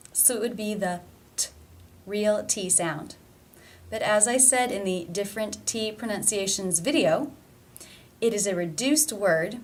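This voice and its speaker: Woman teaching careful pronunciation. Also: medium pitch. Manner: slow, careful demonstration of sounds. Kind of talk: pronunciation lesson.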